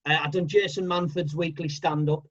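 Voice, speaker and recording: A man's voice: on the high side, fairly quick, muffled recording. A man, a comedian and impressionist, telling stories in a casual podcast chat. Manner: chatty, animated storytelling.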